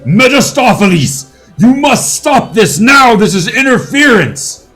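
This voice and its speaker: A man voicing a proud male herald of the old gods who makes loud, outraged declarations in a tabletop game. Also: medium pitch, expressive, takes it slowly, faint music behind. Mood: furious.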